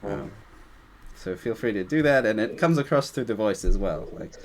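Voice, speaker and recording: A man with a fairly low voice guides a group through a meditation practice on a video call. His talk is loose and rambling, full of "like" and restarts. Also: lively intonation, normal speed, a little hiss or hum. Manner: loose and rambling, many fillers. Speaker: meditation teacher.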